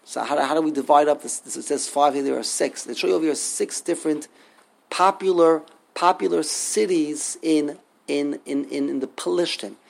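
Gravelly, husky man teaching a text class. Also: a little high, normal speed, darkish tone. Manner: thinking aloud, repeating words, rhetorical questions.

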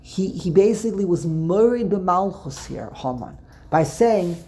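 A man's voice: high voice, expressive, measured pace, mellow. A man casually teaching a class, rambling and repeating words as he tells stories. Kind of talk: casual Torah discussion.

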